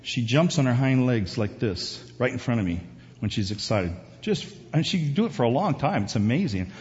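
A man's voice: medium pitch, lively intonation, normal speed, a little mellow. A male pastor giving a conversational sermon that swells to emphatic peaks, recorded in a church sanctuary. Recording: dull distant sound in a reverberant hall.

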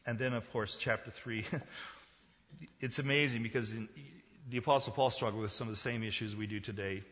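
A man's voice: on the low side, fairly even intonation, brisk, highs cut off. Man preaching in an echoing hall. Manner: swings from quiet to loud, emphatic preaching. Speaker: pastor. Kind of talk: sermon.

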